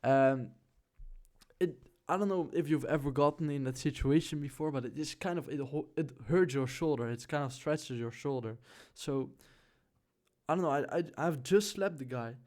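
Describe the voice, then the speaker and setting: A young man telling a story straight to camera in a relaxed vlog. His talk is loose and slangy, full of fillers and quick asides. His voice sits at an ordinary middle pitch. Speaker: vlogger.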